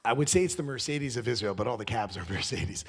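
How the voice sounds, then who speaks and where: A man's voice: medium pitch, expressive, quick pace, breathy edge. A man from New York giving a comedic motivational talk, telling stories with jokes and acted-out quotes. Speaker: speaker.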